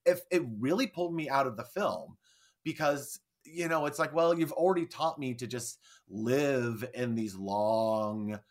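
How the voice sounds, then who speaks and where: Male podcast co-host, mid-pitched, casual and rambling, swears a lot. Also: unhurried. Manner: rambling, swears freely, acts out quotes. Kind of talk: casual film discussion.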